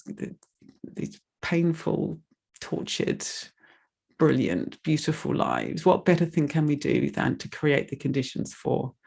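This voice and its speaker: A woman speaks with a gravelly, slightly fried voice as she makes a heartfelt donation appeal during an online meditation session. She rambles warmly and openly, sounding moved and close to tears. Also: very deep voice.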